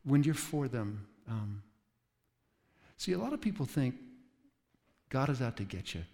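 A man's voice: medium pitch, big pitch swings, measured pace, a little mellow. Male pastor with a chatty sermon style. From West Coast of the United States. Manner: conversational storytelling with asides to the audience. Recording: reverberant hall.

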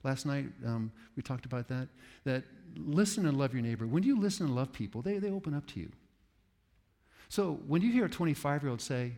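A man preaching to a room of pastors, telling stories in an animated, self-aware way. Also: medium pitch, a little fast, big-room sound. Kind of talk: sermon to pastors.

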